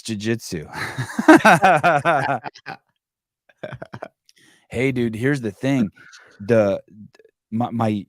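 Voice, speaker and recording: A man's voice: fairly low pitch, dry recording, studio quality. A man in his forties hosting a call-in podcast, telling blunt, profane stories in casual chat. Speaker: podcast host.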